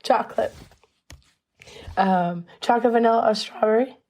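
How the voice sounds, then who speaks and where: A woman with a cold hosting a quiz segment on a podcast, laid-back, with pauses between questions. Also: a little high, darkish tone. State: has a cold. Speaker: recurring game segment host. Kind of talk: casual podcast chat.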